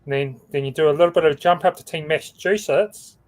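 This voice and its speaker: Male co-host on a video call, slightly high voice, easygoing scoreboard rundown. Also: fast talker, darkish tone. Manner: talks through a scoreboard, stumbles over names. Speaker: co-host reading team standings. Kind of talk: casual livestream chat.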